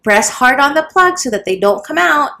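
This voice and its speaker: A woman voicing a playful young former seminarian who loudly teases the women in the boat. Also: sits high, expressive, normal speed, voice pushed up, heavily acted. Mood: teasing. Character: excited young ex-seminarian man, teasing.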